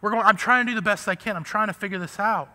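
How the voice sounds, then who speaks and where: A man's voice: sits high, quick pace, sharp tone, in a large hall. A man preaching a sermon as pastor, talking to the congregation in a loose, conversational way and often checking in with "right?". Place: church sanctuary.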